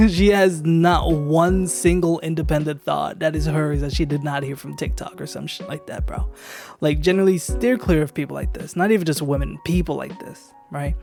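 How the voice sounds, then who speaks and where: A woman with a notably low voice rants casually to her stream chat, swearing freely and checking in with "right?" after her points. She sounds blunt, exasperated and conversational. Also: steady tone, a little fast, creaky, dark tone, soft background music. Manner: profane ranting, keeps asking "right?". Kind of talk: casual live-stream commentary.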